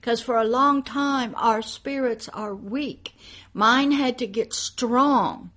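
A woman pastor preaching a monologue, emphatic, moving between loud declarations and hushed asides. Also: on the high side, takes it slowly.

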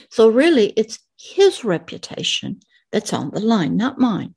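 A woman's voice: on the high side, sing-song, a little mellow, breathy edge. A woman in her late sixties, a pastor, reading scripture verses and explaining them in an earnest sermon for children. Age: 60s. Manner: slow, earnest, reads verses then explains.

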